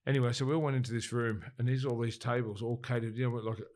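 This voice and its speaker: A man, a podcast guest, telling stories in a casual, animated way and swearing freely. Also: mid-range voice, very fast. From Australia. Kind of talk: casual storytelling.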